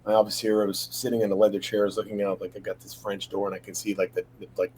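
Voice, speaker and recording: A man's voice: on the low side, monotone, very fast, few pauses, a little mellow, a little hiss or hum, poor audio. Rambling middle-aged man telling his story. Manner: rambling, many fillers, acts out quoted dialogue. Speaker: guest sharing testimony. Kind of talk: casual personal storytelling. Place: his home office.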